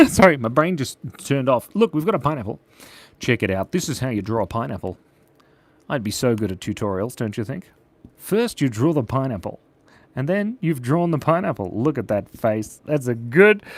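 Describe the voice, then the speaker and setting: A man hosting a casual livestream, chatting with viewers while he draws, joking and rambling with frequent laughs. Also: a little high. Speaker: channel host and animator.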